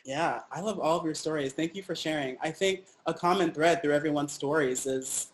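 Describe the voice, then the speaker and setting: Higher-voiced man moderating a panel. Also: fairly quick, a little hiss or hum, poor audio. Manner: encouraging, gently thanks the speakers.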